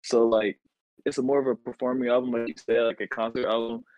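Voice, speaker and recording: A man's voice: mid-range voice, little pitch movement, fast, a little mellow, dry recording, rough recording. A man talking casually as a guest on a music review chat, easygoing, with slang and hesitant restarts. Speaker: guest, friend of the host.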